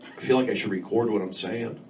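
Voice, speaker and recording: A man's voice: fairly low pitch, fairly quick, darkish tone. An American man doing a live stand-up set in a comedy club, rambling and jumping between thoughts as he talks straight to the crowd. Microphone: handheld mic, recorded from a distance. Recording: distant, very noisy live club recording. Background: audience laughter.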